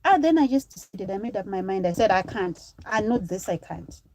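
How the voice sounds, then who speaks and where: Mellow-voiced woman telling a story. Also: mid-range voice, animated, a little fast, a little hiss or hum, rough recording. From Zimbabwe. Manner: chatty, addresses viewers as guys, thanks supporters mid-story. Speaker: live streamer. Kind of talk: casual storytelling live stream.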